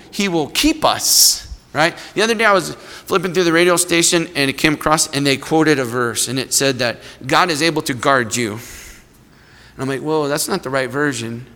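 A man's voice: a little high, pushed and bright. A man preaching a sermon in a conversational way, acting out small voices in his stories. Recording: long hall reverb.

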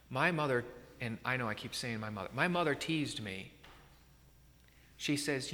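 A man's voice: mid-range voice, lively intonation, moderate pace, pauses often, pushed and bright, long reverb tail. A man preaching a sermon in a conversational way, often checking in with his listeners. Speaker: pastor.

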